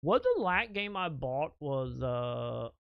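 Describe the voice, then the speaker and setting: A man's voice: medium pitch, sing-song, slow, vocal fry, clean tone, no room sound, dull audio. A man in his thirties, a streamer telling a long story to his chat in casual, profane and rambling talk, laughing now and then.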